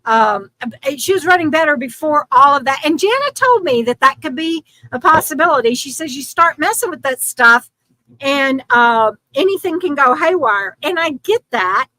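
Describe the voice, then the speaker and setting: A woman's voice: sits high, lively intonation, moderate pace, pushed and bright, no echo, poor audio. An older woman hosting a casual livestream, rambling in frustration with many restarts and fillers. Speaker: YouTube channel host.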